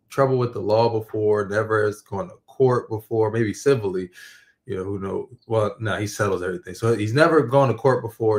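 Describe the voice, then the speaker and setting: A man with a fairly low voice joins a reaction stream to discuss a court case. He talks steadily and deliberately, restarting phrases as he works out his points. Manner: deliberate, thinks aloud with restarts. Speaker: guest commentator. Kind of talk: measured casual discussion.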